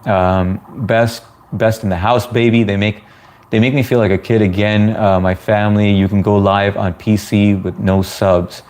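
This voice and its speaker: A man's voice: on the low side, steady tone, moderate pace, a little mellow. A man from the US chatting casually with viewers on a livestream, laid-back and talkative. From United States. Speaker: live streamer answering chat.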